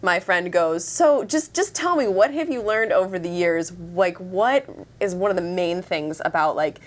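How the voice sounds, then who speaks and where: A woman co-hosting a church livestream, telling stories in casual chat and laughing often. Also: on the low side. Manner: giggly storyteller, quick to laugh. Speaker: co-host of a church pre-service livestream.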